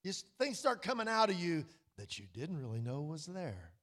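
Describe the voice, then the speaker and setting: Folksy preacher in a reverberant hall. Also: male voice, a little high, very animated. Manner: folksy storytelling with quiet, drawn-out emphasis. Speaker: pastor. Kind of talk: sermon.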